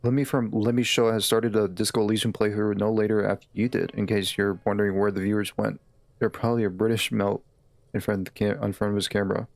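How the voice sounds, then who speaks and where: Gravelly low-voiced male streamer. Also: level tone, fast talker, darkish tone, dry recording. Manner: chatty, joking, laughs often. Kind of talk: casual gameplay commentary.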